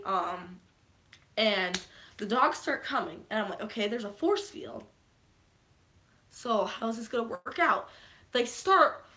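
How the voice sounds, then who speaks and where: A young woman with a bright, clear voice talks fast and loose about a movie she loved. She swears freely, says "um" a lot and jumps into quoted lines as she retells scenes. The tone is casual and eager. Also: mid-range voice. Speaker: vlogger. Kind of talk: casual spoiler recap.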